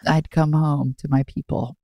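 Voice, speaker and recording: A woman's voice: low voice, no room sound, clean studio sound. A woman co-hosting a podcast in casual chat, effusive and rambling. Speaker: podcast co-host.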